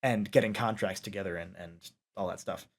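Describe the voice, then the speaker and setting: A man's voice: low voice, a little fast, creaky. A man hosting a casual interview, talking at length with many fillers and restarts. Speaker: interviewer, podcast host.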